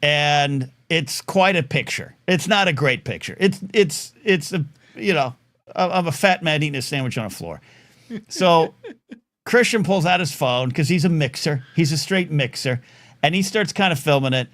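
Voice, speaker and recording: At normal speed and with a voice on the high side, this middle-aged live talk show host tells a long, rambling story. The casual monologue is animated and full of fillers and restarts, with him acting out each quoted voice.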